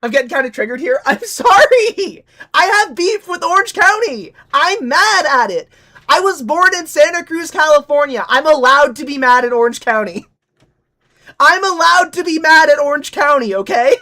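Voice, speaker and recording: A young female streamer from Nevada chats casually and rants in a high voice with a bright, sharp edge, speaking at normal speed with lively intonation. Her loose, joking stream style is profane and mocking.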